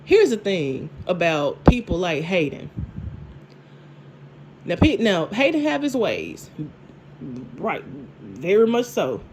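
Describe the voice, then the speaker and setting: Woman, casual TV recap, animated, quick laughs, faint background noise. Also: lowish voice. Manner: animated, laughing, repeats and restarts. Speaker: TV show reviewer.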